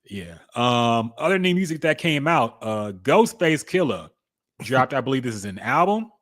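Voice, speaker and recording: A man's voice: medium pitch, very animated, normal speed, a bit bright, dry recording, studio quality. A man co-hosting a music podcast, giving laid-back, candid opinions in casual chat. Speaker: podcast co-host.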